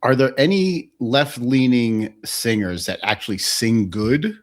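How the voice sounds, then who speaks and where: A man's voice: mid-range voice, lively intonation, unhurried. A man co-hosting a podcast, asking wry, blunt questions in casual banter. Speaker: podcast co-host.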